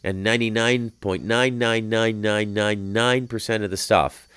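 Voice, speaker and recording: A man with a very low voice holds forth outdoors on a patio, his sound close and dry. He rambles through a spiritual monologue, swearing freely and building to loud, heated outbursts before settling back down. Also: steady tone, unhurried, clear, resonant tone, dry recording. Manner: profane, rambling, swings into heated shouting. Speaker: podcast host.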